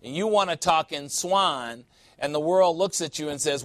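A man's voice: a little high, normal speed, no room sound. A man preaching a sermon in an emphatic, conversational way, with sudden playful asides.

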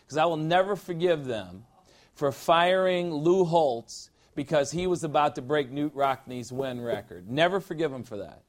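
A middle-aged man preaching a conversational sermon as pastor, informal and emphatic, repeating phrases for effect. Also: fairly high pitch.

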